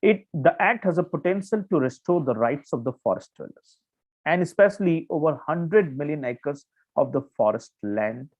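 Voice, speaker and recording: A man's voice: on the high side, lively intonation, moderate pace, darkish tone. A man with an Indian English accent teaching a current affairs class, explaining with many restarts and fillers and checking in with "okay". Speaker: exam coaching teacher. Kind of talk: online current affairs lecture. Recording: tinny phone-like audio.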